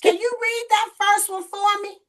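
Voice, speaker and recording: A woman with a very high voice leads a group session over a video call, exhorting people and repeating her key phrases. Her tone is bright and forceful. She keeps coaxing participants to speak up. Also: steady tone, moderate pace. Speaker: host leading a group session. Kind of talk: motivational coaching on a group call.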